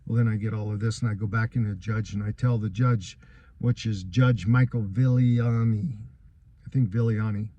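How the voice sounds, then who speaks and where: A man's voice: on the low side, fairly even intonation, moderate pace, warm tone, muffled recording. A man giving a first-person account of his court case, earnest and aggrieved, telling what happened step by step.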